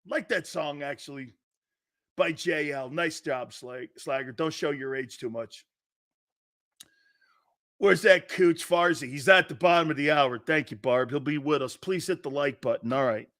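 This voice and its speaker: A man's voice: fairly high pitch, unhurried, fairly bright tone. A man hosting a casual live sports talk show who keeps breaking into laughter, jokes around and answers viewer comments by name.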